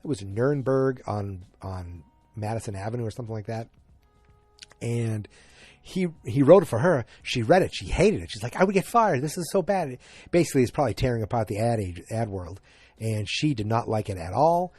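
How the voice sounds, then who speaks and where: Male podcast host, casual recap, halting and rambling delivery, dry close sound. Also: fairly low pitch, animated, warm tone, husky, no echo. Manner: rambling, halting, many fillers and restarts.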